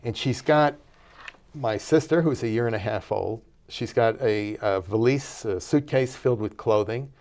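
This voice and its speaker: An older man telling a family story in a relaxed interview, with many fillers and restarts. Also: mid-range voice, normal speed. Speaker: interview guest, cinematography professor.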